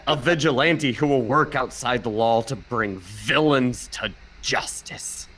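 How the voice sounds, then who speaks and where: A man's voice: mid-range voice, unhurried, sharp tone, low-quality recording. A man in a casual podcast, reading a review aloud with an everyday mid-range voice. He trips over words here and there. A faint hum sits under his voice. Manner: reads aloud with stumbles and laughs.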